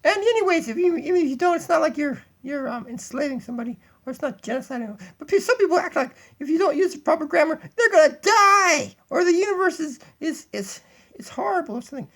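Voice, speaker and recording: A man's voice: extremely high pitch, expressive, quick pace, fairly bright tone, voice pushed up, full character voice. Man doing Doggy, a bossy puppet empress. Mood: bossy giddy. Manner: giddy, bossy, rambling rant with laughs. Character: bossy female puppet dog, self-crowned empress. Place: home kitchen. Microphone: tablet built-in mic.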